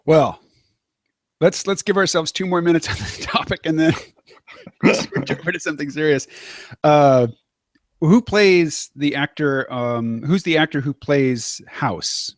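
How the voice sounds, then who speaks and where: A man's voice: a little high, unhurried, no room sound, clean studio sound. A man hosting a casual conversation, easygoing with frequent laughs and hesitant fillers. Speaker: podcast host. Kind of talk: casual chat.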